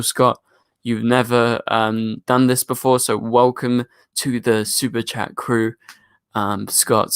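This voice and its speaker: A man with a British accent and a deep voice, hosting a live stream in a casual, chatty way and answering viewer questions into a microphone. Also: fairly bright tone, clear, resonant tone. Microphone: studio microphone.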